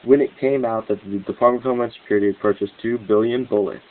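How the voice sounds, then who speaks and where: A man giving a rambling, excitable commentary monologue as host of his own news channel, with restarts and cynical laughs. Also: medium pitch, racing. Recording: tinny phone-like line.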